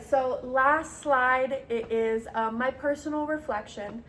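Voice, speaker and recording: A woman's voice: fairly high pitch, a little hiss or hum, rough recording. A young woman giving a class presentation, with frequent ums and uhs and a hesitant delivery. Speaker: student presenter.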